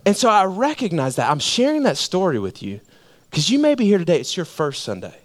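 A male pastor preaching a sermon in a church, casual and animated, dropping slang fillers as he talks. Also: high voice, brisk. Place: church sanctuary.

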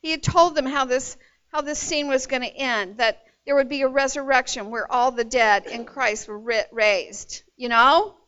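A woman retelling a Bible story in a sermon, expressive and storytelling, with casual asides to her listeners. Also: high-pitched, moderate pace, clear, resonant tone. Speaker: Bible teacher. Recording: dull lo-fi recording.

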